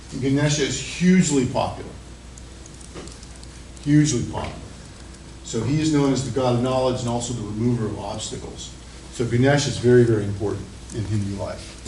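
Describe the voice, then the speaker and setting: A male university lecturer telling stories in an animated, chatty classroom lecture. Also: mid-range voice. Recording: echoey classroom with faint noise.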